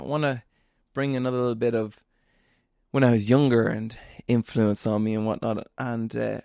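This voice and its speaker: A man tells a story to his audience in a relaxed, earnest way with asides that poke fun at himself. His voice has a gravelly edge. The sound is close and dry, with no room echo. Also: fairly low pitch. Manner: storytelling, earnest and motivational with self-deprecating asides. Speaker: podcast host. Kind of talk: casual monologue.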